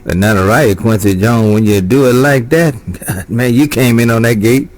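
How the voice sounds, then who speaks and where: A man's voice: medium pitch, normal speed, darkish tone. A man talking casually over a CB radio handset, drawling and repeating his catchphrases. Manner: drawling, repeats "no doubt about it". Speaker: CB radio operator. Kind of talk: CB radio chatter.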